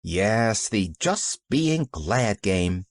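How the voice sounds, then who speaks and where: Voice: low-pitched, sing-song, extremely slow, dry recording, studio quality, heavily acted. A reader voicing a cheerful, earnest little girl who chatters eagerly.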